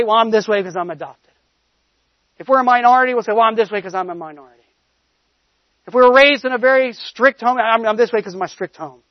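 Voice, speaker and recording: A man with a notably high voice delivers a sermon, moving from a conversational personal story into exhortation. He leans hard on certain words with rising emphasis. The recording sounds muffled and dry, with no room echo. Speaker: preacher.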